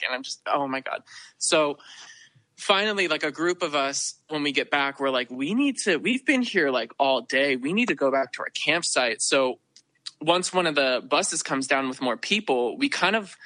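A man's voice: mid-range voice, pushed and bright, no echo. Rambling man telling a story, dry sound. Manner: rambling, heavy use of "like", acts out quotes. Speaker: podcast guest, festival attendee. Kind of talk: casual storytelling.

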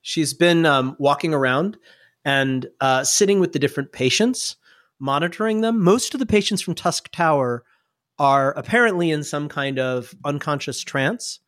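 Relaxed man running a tabletop game. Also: fairly high pitch, moderate pace, no echo, clean studio sound. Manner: relaxed, rambling with fillers. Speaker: game master.

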